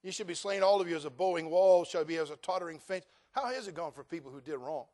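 A middle-aged male pastor preaching a sermon, folksy and joking, acting out dialogue and rising to loud, fervent passages. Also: on the high side, quick pace, hardly any pauses. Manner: animated preaching, acts out dialogue, rises to loud fervent climaxes.

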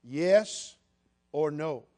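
A man's voice: fairly high pitch, lively intonation, very slow, warm tone. A man in his sixties from the United States, preaching a sermon in a folksy, humorous storytelling way. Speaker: pastor.

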